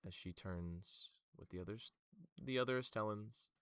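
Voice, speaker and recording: A man's voice: lowish voice, moderate pace, a bit bright, clean tone, no echo. A man narrating as game master for a tabletop game, loose and full of fillers.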